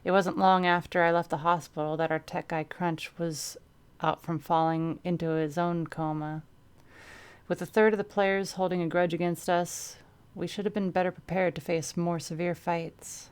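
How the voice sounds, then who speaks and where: Low smooth-voiced woman reading a story. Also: level tone, normal speed. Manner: breaks off to laugh and comment. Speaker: streamer reading a story aloud. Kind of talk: first-person story narration.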